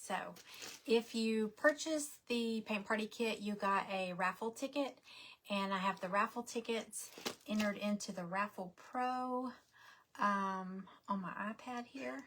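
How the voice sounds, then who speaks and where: A woman's voice: medium pitch, a little slow, a bit bright, a little hiss or hum. A woman hosting a craft livestream, chatting casually and muttering to herself now and then.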